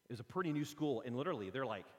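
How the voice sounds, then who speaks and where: A man preaching a sermon, telling lively personal stories and acting them out. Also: mid-range voice, rapid-fire. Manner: animated storytelling, acts out his own stories. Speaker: pastor. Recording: long hall reverb.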